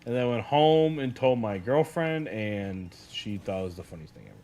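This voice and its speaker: A young man spins a casual anecdote in a middle-pitched voice. He keeps it animated and loose, and he leans on "like" as he goes. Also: moderate pace. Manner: animated, heavy use of "like". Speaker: streamer. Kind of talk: casual storytelling.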